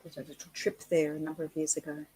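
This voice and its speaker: Australian female co-host, low voice, chatty and self-mocking. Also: little pitch movement, fast talker, dark tone, husky, low-quality recording. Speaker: co-host of a live chat stream. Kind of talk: casual live-stream chat.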